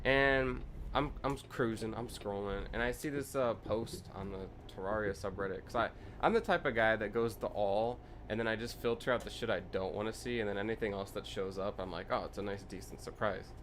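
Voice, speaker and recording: A young man with a lowish voice rambles through a profane rant while he streams a game. He trips over his words and keeps circling back to his point. Steady noise runs under his home mic. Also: brisk, hardly any pauses. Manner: rambling, profane, ranting storyteller. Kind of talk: casual gameplay commentary.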